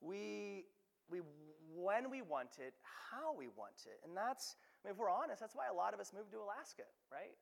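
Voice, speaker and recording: A young adult man preaching a sermon to his church, conversational and animated, often asking "right?". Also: sits high, moderate pace, vocal fry. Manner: animated, conversational, frequent restarts and "right?" asides. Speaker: pastor. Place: church sanctuary. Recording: long hall reverb.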